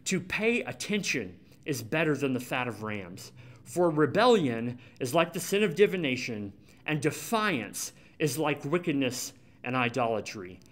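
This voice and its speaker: A man preaching who reads a prophet's rebuke to a king in a stern, measured voice. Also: medium pitch, very animated, fairly bright tone. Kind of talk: sermon scripture reading.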